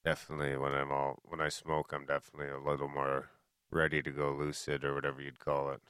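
Deep-voiced joking podcast co-host man. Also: completely flat delivery, fast talker, a bit bright, clean tone, dry recording. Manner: joking, profane banter. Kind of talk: casual chat.

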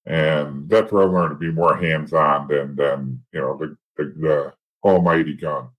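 A middle-aged man telling rough stories in a blunt, profane way, rambling with frequent restarts. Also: very deep voice, steady tone, a little slow, poor audio. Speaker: guest. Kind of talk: casual storytelling.

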